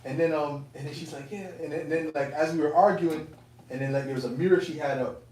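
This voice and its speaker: A man casually telling a personal testimony to fellow believers, animated and profane, with streetwise phrasing. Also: a little high, quick pace. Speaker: elder speaking to fellow believers. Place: indoor camp meeting room. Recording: roomy, distant mic, faint room noise.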